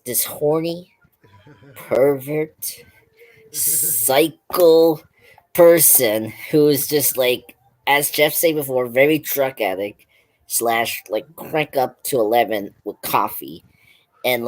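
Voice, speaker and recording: A man's voice: mid-range voice, a little slow. A man hosting a pop culture stream, retelling a film's scenes in a loose, rambling way with lots of "like" and restarts. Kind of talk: casual film review chat.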